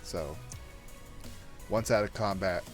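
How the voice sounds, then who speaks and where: A man's voice: low voice, slow, faint music behind. A man hosting a casual podcast chat, teasing his guest and laughing often. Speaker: host.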